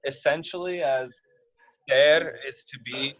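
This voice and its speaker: A man's voice: mid-range voice, slow pace, a bit bright, poor audio. A man teaching a casual online Spanish class and explaining the grammar rules step by step.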